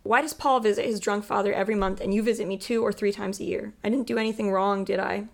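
A woman's voice: medium pitch, steady tone, fast, gravelly, close to an everyday voice. Woman reading as hurt angry teenage girl. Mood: pleading. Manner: reads aloud with little acting.

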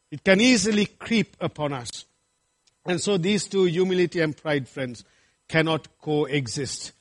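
A middle-aged male pastor preaching a sermon, emphatic and full of rhetorical questions. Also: a little high.

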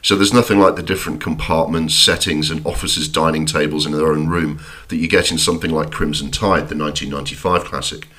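A man's voice: very deep voice, steady tone, fast talker, a bit bright. A man hosting a film podcast, reading a scripted review with dry, self-deprecating humour and the odd swear word. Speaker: podcast host.

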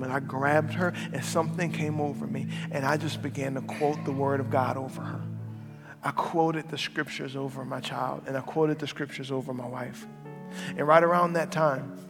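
A man in his thirties, a pastor giving a personal testimony in a sermon, telling it earnestly and dropping to a soft, quiet voice at tender moments. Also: fairly high pitch. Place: church sanctuary. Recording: large hall with long reverb and music behind.

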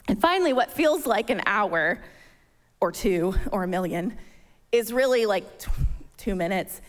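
Woman, thirties, sermon, lively storyteller, fairly high voice, long hall reverb. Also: moderate pace. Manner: animated storytelling, acting out her own panic. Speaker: church speaker.

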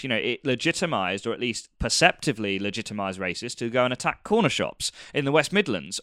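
A man talking in a casual podcast discussion, earnest and argumentative, often pausing on fillers and restarting his sentences. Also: medium pitch, bright, forceful tone, smooth, no echo, studio quality.

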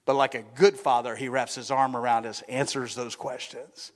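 A man's voice: medium pitch, little pitch movement, moderate pace. A male pastor preaching a sermon in a conversational manner, often checking in with the congregation. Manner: conversational, keeps asking the congregation "right?". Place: church sanctuary. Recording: long church-hall reverb.

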